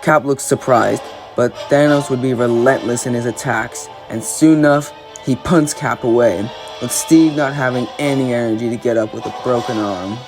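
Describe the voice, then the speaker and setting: A man's voice: mid-range voice, fairly even intonation, normal speed, hardly any pauses. Guy narrating a superhero fight fan story, play by play, faint background music.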